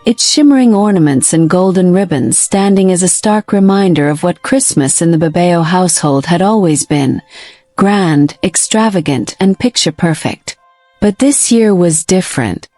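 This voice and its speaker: A woman narrating a folktale with a steady, plain reading. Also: lowish voice, moderate pace, dry recording. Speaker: storyteller. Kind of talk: storybook narration.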